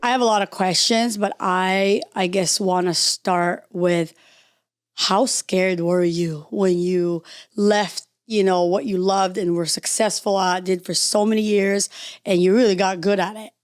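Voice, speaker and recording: A woman's voice: medium pitch, steady tone, a little slow, smooth, no echo, studio quality. A middle-aged woman hosting a podcast, talking in a casual, laughing way as she interviews her daughter. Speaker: podcast host.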